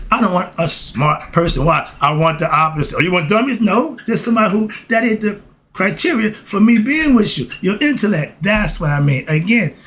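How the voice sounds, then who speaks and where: A man talks through a list of philosophical principles in blunt, informal street speech. His voice sits a bit high and swings widely as he gets worked up. A faint hiss runs underneath. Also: rough recording. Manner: animated, street talk, bursts into shouting then apologizes. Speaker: host. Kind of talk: casual spoken commentary on philosophy.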